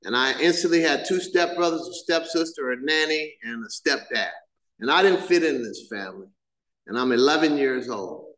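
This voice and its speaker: A middle-aged man from Southern California, giving his personal share as main speaker at a recovery meeting, telling it as an animated story with acted-out sounds. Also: mid-range voice, reverberant, low-quality recording. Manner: animated storyteller, acts out scenes with sound effects. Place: meeting room.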